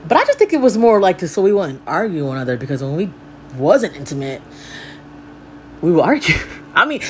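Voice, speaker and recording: A candid young woman, swinging pitch. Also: a little hiss or hum, poor audio. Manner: casual, blunt, swears freely, rambling with fillers. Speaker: podcast host. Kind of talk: candid personal storytelling.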